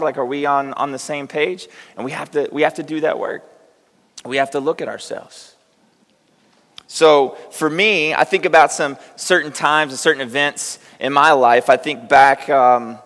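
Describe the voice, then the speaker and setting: In a church sanctuary with long hall reverb, a middle-aged male pastor delivers a conversational sermon. He tells self-deprecating stories and puts direct questions to the congregation. His voice is medium-pitched with a fairly bright tone.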